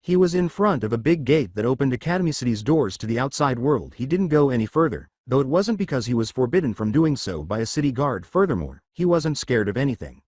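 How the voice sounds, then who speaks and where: Male narrator for fan fiction, lively pitch, dry close sound. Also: a little fast, few pauses, no room sound.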